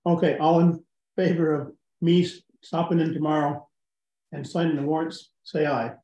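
A man's voice: fairly high pitch, level tone, normal speed, dark tone. A man chairing a town board meeting in an easygoing way, calling votes plainly. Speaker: selectboard chair. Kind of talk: casual meeting talk. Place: town office meeting room. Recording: dull, roomy meeting recording.

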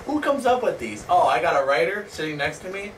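Brief: male gaming host, lively, swears, shouts; distant mic, noisy room. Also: a little high. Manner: excitable, swears, yells at opponents. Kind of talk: live gameplay commentary.

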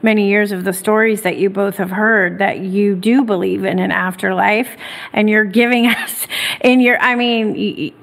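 Gravelly-voiced woman host asking questions. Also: medium pitch, steady tone, moderate pace. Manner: warmly curious, rambling questions. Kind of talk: casual interview questions.

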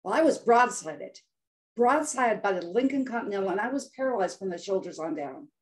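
A woman's voice: medium pitch, lively intonation, a little fast. An older woman guest on an interview show, telling her story in a dramatic, inspirational way. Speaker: guest health coach.

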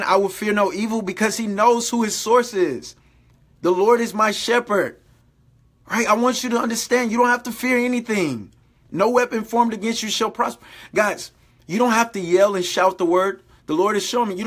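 A man's voice: sits high, fairly bright tone. A man giving an informal sermon to online viewers, exhorting them, repeating phrases and calling them "guys". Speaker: preacher.

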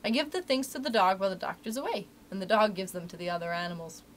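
A woman's voice: medium pitch, fast talker, a little hiss or hum, close to an everyday voice. A woman reading aloud, voicing a chatty, folksy male cat's-meat seller who talks in a rustic way. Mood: plain. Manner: folksy rustic talk, dropped letters. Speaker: library story reader.

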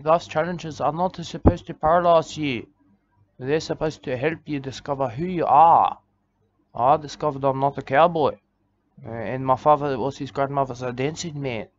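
Aussie bloke rambling deadpan, lots of uhs, slightly muffled lo-fi sound. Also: male voice, fairly high pitch. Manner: halting, full of "uh" and restarts, says "mate". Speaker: comedic character monologue. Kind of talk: rambling deadpan comic monologue. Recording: slightly dull lo-fi sound with faint background noise.

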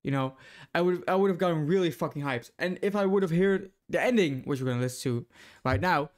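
A young man swearing freely as he reacts casually to an anime opening and ending, loud and excited at times, hushed and quiet when moved. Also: fairly high pitch, a little fast. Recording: faint music playing behind. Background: anime music playing.

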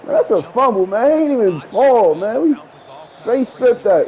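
Loud trash-talking male gamer. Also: very high-pitched, expressive, measured pace, rough recording. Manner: boastful, profane, loud, laughs a lot. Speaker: gaming streamer.

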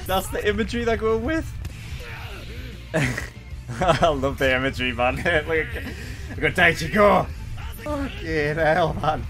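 Excitable swearing Englishman reacting. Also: a little high, a little slow, music in the background. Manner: excitable, heavy swearing, shouting in disbelief. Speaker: anime reaction host. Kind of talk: reaction commentary.

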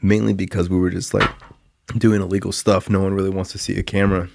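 Gravelly low-voiced young man, rambling. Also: little pitch movement, quick pace, noisy background. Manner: rambling, frequent "like" and "um" fillers; candid and self-critical. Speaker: podcast host sharing recovery story. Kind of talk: casual storytelling monologue.

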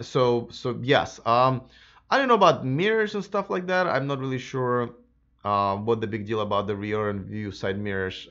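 A man hosting a live stream, chatting casually with lots of fillers and restarts, his voice a bit hoarse from a sore throat. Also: medium pitch, fairly bright tone, lo-fi sound. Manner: rambling, many fillers and restarts. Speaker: livestream host.

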